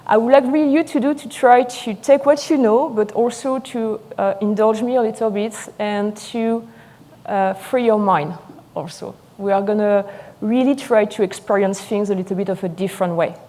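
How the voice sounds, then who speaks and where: Excited French woman lecturing on wine. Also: medium pitch. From France. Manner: fast, excited, talkative. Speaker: sommelier lecturer. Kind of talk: live seminar lecture.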